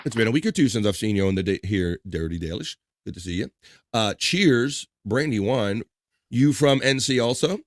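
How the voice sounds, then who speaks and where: A man's voice: lowish voice, lively intonation, moderate pace, a little hiss or hum. A man hosting a live stream, reading viewer messages aloud in a casual way with crude jokes and chuckles.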